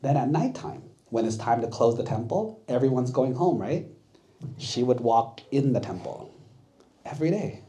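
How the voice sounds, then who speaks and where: Monk, sermon for kids, mellow voice, keeps quizzing the audience. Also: male voice, medium pitch, big pitch swings, normal speed. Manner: asks the audience questions, checks with 'right?'. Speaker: monk teaching children. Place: temple.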